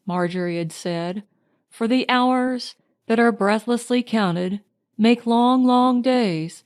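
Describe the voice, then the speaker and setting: A woman reading a novel aloud in measured, lyrical scripted narration. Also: fairly high pitch. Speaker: audiobook narrator.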